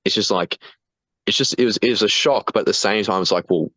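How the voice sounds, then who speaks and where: A man's voice: lowish voice, fairly quick, a bit bright, no echo. A young man, a guest talking casually about being wounded, laughing often and swearing freely with lots of restarts. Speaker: guest, foreign fighter. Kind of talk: casual chat.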